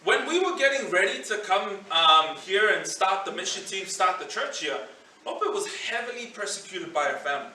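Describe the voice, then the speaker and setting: A man's voice: sits high, lively intonation, normal speed, pushed and bright. A male pastor preaching a sermon in a conversational way, often saying "you know" as he tells a story to his church. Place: church hall. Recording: roomy sound from a distance.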